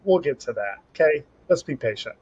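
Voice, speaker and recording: A young man on a podcast, casually telling a rambling, animated story about a competition. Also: a little high, brisk, slightly rough. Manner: rambling, animated storytelling with self-talk asides. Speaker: podcast co-host and Highland Games athlete. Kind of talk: casual chat. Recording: slightly dull lo-fi audio.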